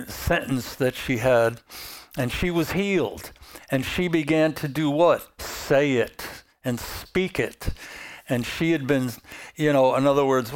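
Slow, smooth-voiced male Bible teacher. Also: mid-range voice. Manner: storytelling with rhetorical questions; unhurried, repeats phrases for emphasis.

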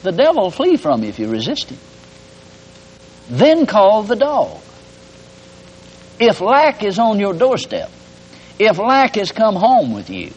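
A man's voice: sits high, slightly rough. A man preaching a radio sermon, folksy and homespun, with emphatic rising calls. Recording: dull lo-fi broadcast audio.

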